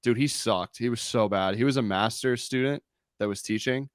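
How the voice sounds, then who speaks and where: A man's voice: mid-range voice, normal speed, clean tone, dry recording. Young podcast host guy, blunt and jokey, swears a lot, dry sound. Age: young adult. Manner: blunt, joking, swears freely. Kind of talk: casual chat.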